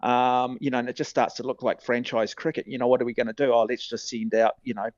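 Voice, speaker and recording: A man's voice: medium pitch, flat delivery, quick pace, no room sound. A middle-aged man with a New Zealand accent, a sports commentator giving earnest, rambling opinions with lots of fillers. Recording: dull, dry sound.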